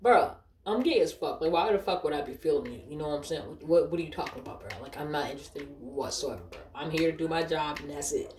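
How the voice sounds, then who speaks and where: A woman's voice: sits low, animated, fast, few pauses, darkish tone. A woman telling a casual storytime about a customer at her job, blunt and profane. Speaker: store cashier telling a story. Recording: echoey room, faint noise.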